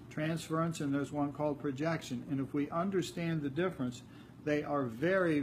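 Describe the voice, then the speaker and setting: A man's voice: on the high side, slight background noise. An older man giving an informal spiritual talk. He speaks conversationally, repeats words and acts out little dialogues. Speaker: spiritual teacher.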